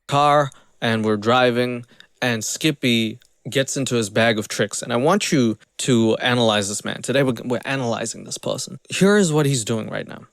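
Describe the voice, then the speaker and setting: A man's voice: mid-range voice, moderate pace, no echo. Mocking male streamer, dry close mic. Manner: mocking, animated, swearing. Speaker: streamer reacting to a video. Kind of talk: casual reaction commentary.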